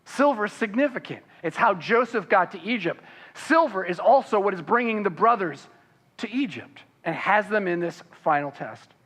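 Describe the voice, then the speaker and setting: A pastor preaching a sermon, reading scripture aloud and then explaining it, with frequent fillers and restarts. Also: male voice, normal speed, in a large hall. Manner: animated, voicing the characters' protests with rising pitch.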